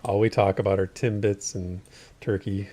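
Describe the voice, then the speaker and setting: A man's voice: low-pitched, level tone, moderate pace, dark tone, slight background noise. Laughing Canadian man telling stories. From born in the US, raised in Canada. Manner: chatty storyteller, laughs easily. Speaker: group player. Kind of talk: casual chat while gaming.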